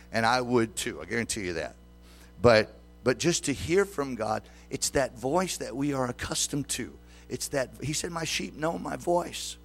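Gravelly preacher in his sixties. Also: medium pitch. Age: 60s. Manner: preaching with questions to the congregation. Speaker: pastor. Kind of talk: sermon.

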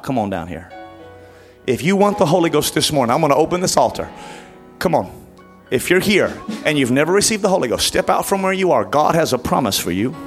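A man leading an altar call in church, urging people forward and then praying aloud in rising, fervent shouts. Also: on the high side. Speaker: pastor. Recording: music playing behind.

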